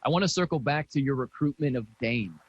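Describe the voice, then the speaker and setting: A man's voice: medium pitch, expressive, fairly quick, breathy edge, highs cut off. A man hosting a radio show, asking a guest direct questions.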